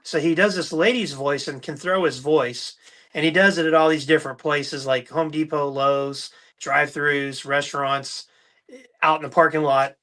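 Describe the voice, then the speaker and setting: Podcast host, middle-aged man, bright and fairly high voice, lively storyteller. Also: moderate pace. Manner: storytelling, animated, mimics voices in anecdotes. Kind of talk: casual chat.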